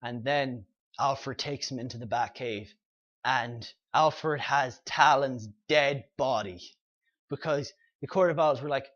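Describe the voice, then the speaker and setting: Hosting a comic review show, a man casually retells the plot, packing in fillers and quoted dialogue. His medium-pitched voice is unhurried and fairly bright, though the highs are cut off.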